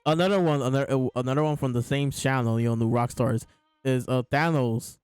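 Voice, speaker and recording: A man's voice: mid-range voice, steady tone, fairly quick, darkish tone, clean tone, no echo, faint music behind. A man casually chatting as a show host, amused and laughing often as he talks. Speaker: podcast host reviewing manga. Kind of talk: casual chat.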